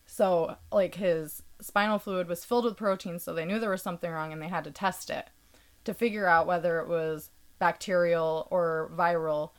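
A woman with a lowish voice talking through a hard experience in plain terms. She takes her time, stops on ums and likes, and picks her words with care. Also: fairly even intonation, moderate pace. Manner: earnest, explaining carefully with fillers. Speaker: podcast guest. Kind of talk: casual conversational explanation.

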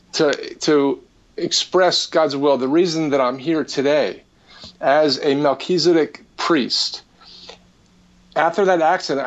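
A man's voice: on the high side, dull audio. Earnest man telling his story. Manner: earnest, halting, with many restarts. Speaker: spiritual healer. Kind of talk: personal testimony.

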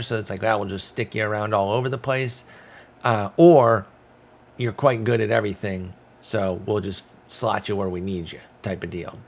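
Male podcast host, lowish voice, loose self-correcting delivery. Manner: rambling, self-correcting, frequent fillers; reads stats aloud. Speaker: fantasy baseball podcast host. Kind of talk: casual analytical chat.

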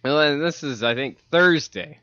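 A man's voice: a little high, normal speed, sharp tone, no room sound, highs cut off. A middle-aged man chatting casually, rambling and correcting himself as he tells a story, often laughing. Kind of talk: casual chat.

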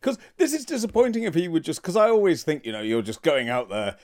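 A man's voice: a little high, big pitch swings, fast talker, a little mellow. A man co-hosting a comedic podcast, chiming in eagerly and playfully. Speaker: podcast co-host. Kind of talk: comedic casual chat.

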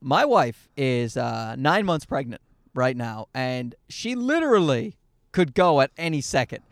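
A man's voice: medium pitch, sing-song, a little slow, no room sound, studio quality. A man in his thirties hosting a podcast in casual chat from a parked car, rambling, joking and losing his train of thought. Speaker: podcast host. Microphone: handheld mic into a portable recorder.

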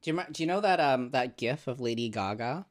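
A playful podcast co-host chatting casually while tasting treats. The voice is lively and moves around a lot in pitch. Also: fairly quick. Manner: playful, savoring food aloud. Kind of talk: casual chat.

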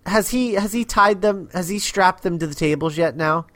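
A podcast co-host in casual chat, joking and quick to laugh. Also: mid-range voice, fairly bright tone, no room sound.

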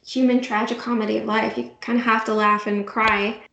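Higher-voiced woman host, roomy dull sound. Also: level tone, brisk, gravelly, pushed and bright, slight background noise. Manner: attentive, affirming listener. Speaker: podcast host. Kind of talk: casual interview chat. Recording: dull, roomy remote recording.

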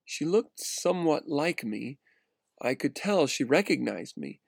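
A man narrating a first-person story aloud in an earnest, steady reading with small restarts. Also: on the high side, unhurried, creaky, slightly rough, dry recording.

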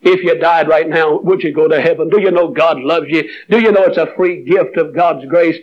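An older man, preaching a revival sermon as he tells stories, rising into fervent high-pitched exhortation. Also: fairly even intonation, normal speed. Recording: muffled old sermon recording.

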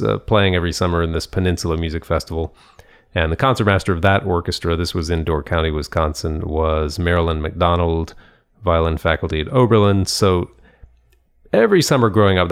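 A man's voice: sits low, clean tone. A man co-hosting a casual conversation, telling stories in a thoughtful, rambling way with frequent restarts and laughs. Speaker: podcast co-host.

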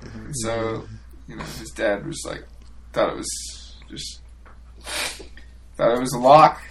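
A man's voice: lowish voice, steady tone, slow pace, creaky, slight background noise. A man co-hosting a casual podcast, telling wry, rambling anecdotes. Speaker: podcast co-host.

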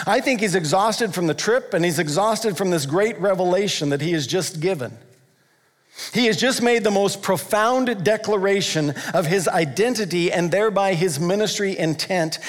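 A man preaching a sermon, emphatic and repetitive, slowing down to stress key phrases. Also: sits high. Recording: long hall reverb.

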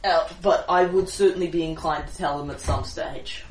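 A player in a tabletop game, talking through decisions in a thoughtful, deliberate way. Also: medium pitch, steady tone. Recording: roomy, distant mic, faint noise.

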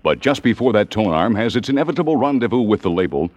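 A man delivers a scripted comic announcer bit in a smooth style. His voice moves a lot in pitch. The recording is dry and close. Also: very animated, fast talker, a little mellow, no echo.

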